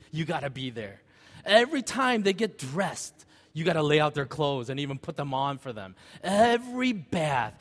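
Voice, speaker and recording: A middle-aged man preaching a sermon as pastor, telling a personal story and asking the congregation rhetorical questions. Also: on the high side. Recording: long church hall reverb.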